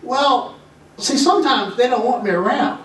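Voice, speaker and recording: A man's voice: extremely high pitch, moderate pace, a bit bright, slight background noise. A man voicing an eager, boastful, pampered male house dog in a spoken story. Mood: explaining. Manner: coaxing, boastful. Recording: roomy echo, voice from far off.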